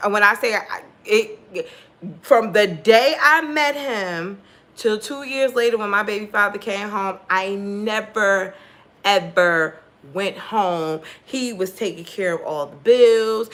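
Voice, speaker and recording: A young woman hosting a casual storytime vlog, talking candidly and with plenty of swearing, acting out the lines of the people in her story. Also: a little high. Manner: candid, profane, animated, acts out quoted dialogue. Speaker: tarot channel host.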